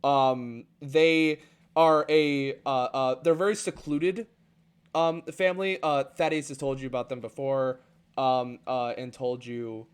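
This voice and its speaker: A man narrating as game master in a tabletop game, halting and full of fillers and restarts. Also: mid-range voice, steady tone, clean tone.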